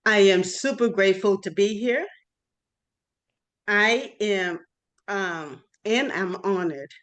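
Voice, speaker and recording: A middle-aged woman from Massachusetts gives a faith-filled testimony as a guest evangelist. She speaks slowly and earnestly, with care in each phrase. It sounds like a video call. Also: mid-range voice, fairly bright tone. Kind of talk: testimony speech. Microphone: virtual workshop call.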